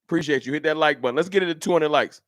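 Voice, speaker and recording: A man hosts a casual fan livestream, speaking straight to the viewers in his chat through a camera mic. His voice is a little high and very fast, and the recording is dry and studio quality.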